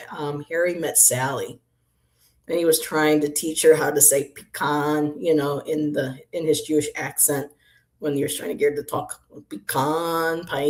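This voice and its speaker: A woman's voice: sits low, a little mellow. A woman hosting a casual livestream, chatting with viewers by name and doing card readings, rambling and laughing often. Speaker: tarot reader and livestream host. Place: apartment room.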